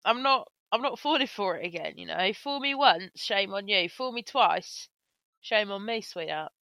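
A woman's voice: mid-range voice, expressive, moderate pace, gravelly, pushed and bright, no room sound, low-quality recording. A woman co-hosting a podcast in casual comedic chat, exaggerated and exasperated in her jokes. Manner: exaggerated, exasperated and jokey, with frequent laughter. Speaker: podcast co-host.

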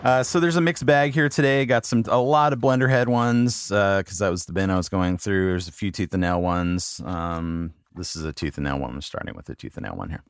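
A middle-aged man with a very low voice speaks in a casual solo monologue for his podcast. He is halting and apologetic, pokes fun at himself, and reads names out slowly one by one. The sound is close and dry, with no room echo at all. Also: clean tone. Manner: halting, apologetic, self-deprecating. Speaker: podcast host.

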